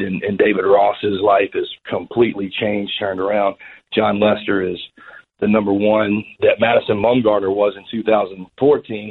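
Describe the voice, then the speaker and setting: A man with a low, husky voice tells a rambling story, tripping over restarts as he goes. He sounds thin and tinny, as if he is coming through a phone line on radio. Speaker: former baseball pitcher, guest. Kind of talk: storytelling interview answer.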